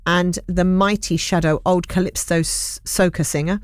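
A woman's voice: on the low side, steady tone, moderate pace, dry recording. A woman co-hosting a weekend radio show from a studio mic, reading out listener messages with an amused, easy manner. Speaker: radio co-host.

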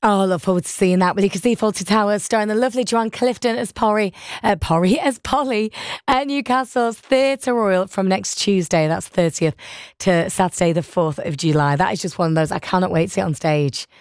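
A woman's voice: medium pitch, brisk, no echo. An enthusiastic woman presenter interviews her guest and laughs easily. Her voice sits mid-range and sounds dry and close on the mic. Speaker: radio presenter.

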